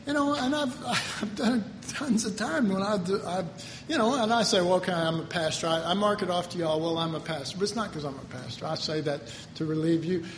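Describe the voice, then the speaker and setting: A man's voice: sits high, brisk, slight background noise. A man, preaching a conversational sermon with personal stories. He tells them in an earnest, folksy way and builds to emphatic preaching. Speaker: pastor. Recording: echoey hall with faint ambience.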